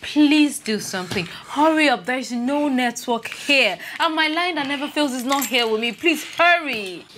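A woman's voice: high-pitched, animated, moderate pace, hardly any pauses, fairly bright tone. A woman playing an impatient tenant who complains she is in a hurry.

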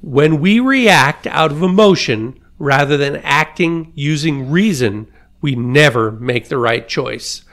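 A man with a fairly high voice reads a story aloud in a casual podcast style. He chuckles and clears his throat as he goes, then talks it over in a relaxed way. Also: slow pace. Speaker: podcast host.

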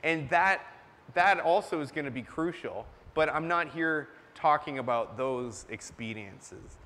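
A man's voice: a little high, animated, unhurried, pushed and bright. A man preaching a sermon in a church, earnest and emphatic, stopping to cough now and then. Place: church sanctuary. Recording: long church reverb.

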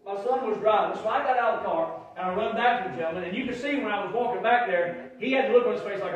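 A man preaching a sermon as pastor, telling folksy stories and swinging from quiet asides to loud shouts. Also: high-pitched, very fast, hardly any pauses, highs cut off. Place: church sanctuary. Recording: very echoey church hall, mic far off.

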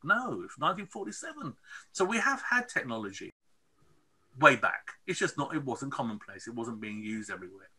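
Bright, animated man telling a story. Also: mid-range voice, fairly quick, husky. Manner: expressive, lots of "okay?" and "right?" asides. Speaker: interview guest, filmmaker.

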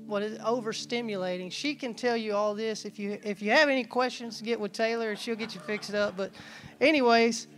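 A man's voice: sits high, steady tone, fairly quick, fairly bright tone. Folksy storytelling preacher man. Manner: folksy, storytelling, acts out quoted dialogue; casual, loose, frequent restarts and asides. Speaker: church staff preacher. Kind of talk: conversational sermon with personal stories.

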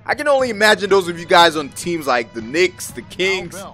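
A young man calls his basketball video game as he plays, hyped and boastful. His voice sits high and swings widely in pitch. Soft background music plays under him. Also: sing-song, moderate pace. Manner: hyped, exclaiming, trash-talking. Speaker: gaming YouTuber. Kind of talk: excited gameplay commentary.

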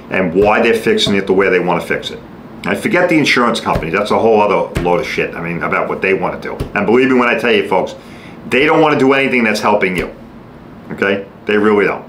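A man's voice: lowish voice, fast talker. A middle-aged man, hosting a podcast in a blunt, salesy monologue that swears freely and keeps asking "all right?". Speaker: podcast host. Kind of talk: casual monologue. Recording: echoey room, faint background noise.

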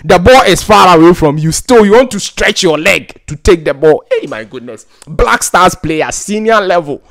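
Ghanaian man, football pundit, exasperated, repetitive, lively pitch. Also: normal speed, gravelly. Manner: exasperated, repetitive, laughs in disbelief. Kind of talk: ranting football commentary.

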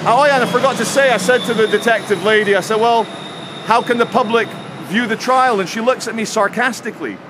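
A man's voice: extremely high pitch, brisk. A man vlogging to camera on a city street, telling a story in a chatty, jokey way. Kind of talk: walking vlog to camera. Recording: faint street and traffic noise.

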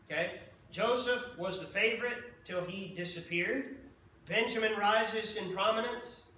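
A man's voice: high voice, pushed and bright, slight background noise. A man preaching a sermon as pastor, talking in a conversational way and often checking in with "okay?". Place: church sanctuary. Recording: echoey church from a distance.

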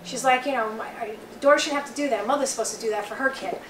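A woman's voice: on the high side, racing. A woman with a Long Island accent giving a chatty, rambling psychic reading to a small group, relaying messages in quotes. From Long Island, New York. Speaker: psychic reader. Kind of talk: live psychic reading for an audience. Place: bookstore event room, small group. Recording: roomy, from far off, faint noise.

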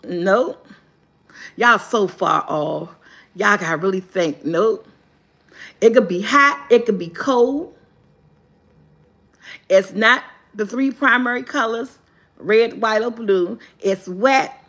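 A woman hosting a live guessing game, reading clues slowly and cheering loudly when viewers answer right. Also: mid-range voice. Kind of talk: casual live-stream chat.

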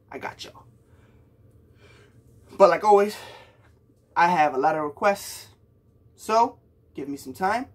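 A man's voice: on the high side, breathy edge. A young man from Puerto Rico giving a hyped, slangy reaction to a song for his viewers, calling them bro. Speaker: music reaction youtuber. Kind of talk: casual music reaction talk.

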